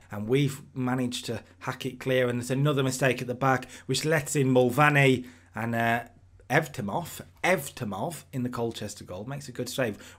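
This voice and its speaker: A man casually commentating his own football management game, rambling and getting excited at big chances. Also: mid-range voice. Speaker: gaming commentator.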